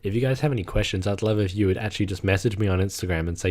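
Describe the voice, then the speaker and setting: Low, mellow-voiced young male podcaster. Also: fairly even intonation, fast, hardly any pauses. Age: young adult. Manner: rambling, swears casually, many fillers. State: getting a cough. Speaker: podcast host. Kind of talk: casual solo podcast talk. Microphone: microphone.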